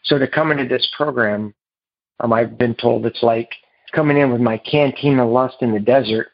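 A man telling his recovery story to a meeting in a halting, earnest way, heard over a phone. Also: mid-range voice, fairly even intonation, creaky, dry recording. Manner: halting and earnest, with repeated restarts. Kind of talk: personal recovery story told to a group. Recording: muffled phone line.

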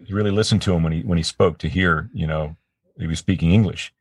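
Deep-voiced man in chatty interview. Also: fast talker, darkish tone, husky, no echo, clean studio sound. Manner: chatty, laughing, frequent restarts. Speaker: voice actor guest. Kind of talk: casual interview chat.

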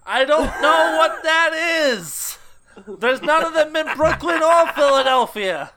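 A brash, hammy middle-aged actor hams up a put-on Canadian accent. The voice sits very high and sharp, drawled out slowly. He tacks "eh" onto his lines like a parody. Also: animated, exaggerated voice. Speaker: podcast co-host. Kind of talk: comic impression on a podcast.

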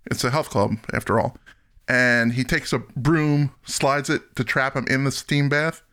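A man hosting a casual film-review podcast, animated, laughing often and acting out scenes. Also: mid-range voice, a little slow, smooth. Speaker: podcast host.

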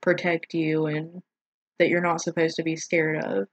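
A woman with a lowish voice talks bluntly and shares strong opinions, saying "like" often. The sound is dull and muffled, with a dry, close feel and no echo. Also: level tone, moderate pace. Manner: frank, opinionated, says "like" often. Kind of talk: casual discussion.

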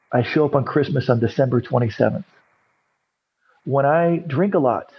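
A man's voice: a little high, breathy edge, muffled recording. A middle-aged man, a recovery coach, telling his story in an interview and acting out other people's lines. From California. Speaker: podcast guest, recovery coach.

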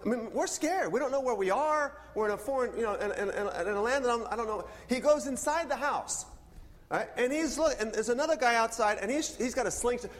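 High-voiced pastor guy telling stories in his sermon, big echoey room. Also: fairly quick. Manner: animated storyteller, acts out dialogue. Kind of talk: sermon with personal storytelling.

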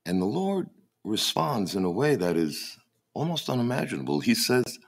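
A man preaching a sermon as pastor, emphatic and often halting to repeat his words, with a dry mocking humour. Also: medium pitch, sing-song, gravelly, slightly rough.

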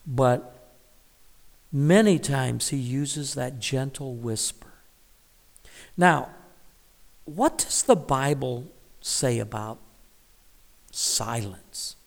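A man leads a devotional Bible reflection at an unhurried, deliberate pace. His voice sits in a middle register and carries a long, lingering reverb. He is thoughtful and now and then hushes to a whisper to stress a word. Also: medium pitch, gravelly. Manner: reflective, drops to a whisper on key words. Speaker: Bible teacher.

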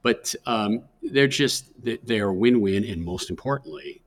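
A middle-aged man talks through career advice in an earnest, conversational way, often restarting his sentences. His voice sits very low and has a husky edge. He speaks as a guest on an interview podcast. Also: lively intonation, a little slow. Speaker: career services director, guest.

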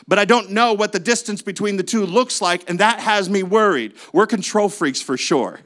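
A man's voice: high-pitched, a bit bright. A man preaching a sermon as a pastor, with a conversational manner, lots of rhetorical questions and playful asides.

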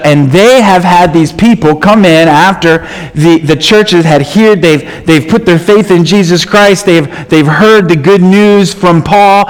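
A man preaching a sermon, reading scripture aloud and explaining it with emphatic, animated delivery. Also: high voice. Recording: long reverb in a large hall.

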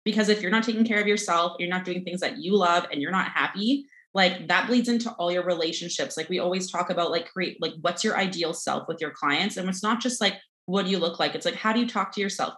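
A woman's voice: lowish voice, fairly bright tone. Chatty woman in an echoey room. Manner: chatty, quick, fills with "like". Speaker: nutrition coach guest. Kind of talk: casual chat.

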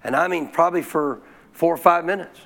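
A male pastor telling a story in a sermon, folksy and animated, often clearing his throat. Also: on the high side, fairly quick.

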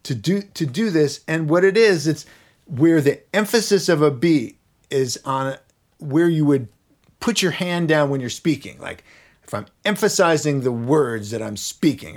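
A man, a violinist and teacher, explaining his technique as a guest on a podcast, thoughtful and searching for words, sometimes singing rhythms aloud. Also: fairly high pitch.

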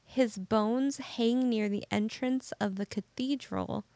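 A woman's voice: on the high side, slow, darkish tone, no echo. A woman co-hosting a casual podcast, telling stories in a giggly, rambling way. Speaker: podcast co-host. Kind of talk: casual chat.

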